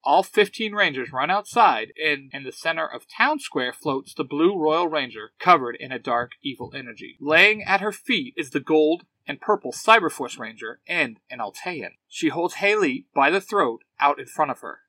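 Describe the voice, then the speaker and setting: Brief: male storyteller, animated and bright, dry close sound. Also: fairly high pitch, normal speed, hardly any pauses, no echo, rough recording. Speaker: narrator. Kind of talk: fan audio drama narration.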